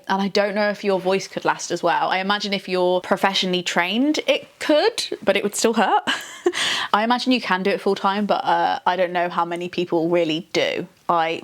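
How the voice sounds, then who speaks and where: Chatty woman with a lowish voice. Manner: chatty, laughs often, explains step by step. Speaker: author and video host. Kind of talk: casual vlog chat to camera.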